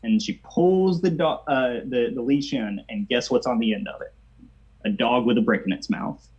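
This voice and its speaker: A man's voice: mid-range voice, moderate pace, a little mellow, echoey room, lo-fi sound. A man casually telling a long joke, rambling a bit with fillers as he goes.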